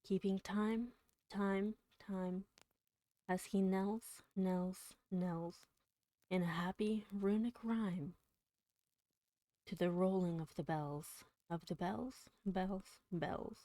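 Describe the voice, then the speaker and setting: Slow, mellow-voiced woman streamer. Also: mid-range voice, fairly even intonation, no echo. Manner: slow and dramatic, drawing out words, with soft whispered passages. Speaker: livestreamer. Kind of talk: poetry reading and chat on a livestream.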